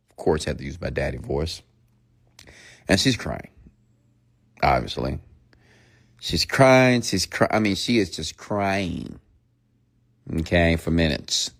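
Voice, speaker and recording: Animated low-voiced middle-aged man ranting. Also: a little slow, long pauses. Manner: animated, playful, mimics people for effect. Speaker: motivational speaker. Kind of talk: late-night motivational rant.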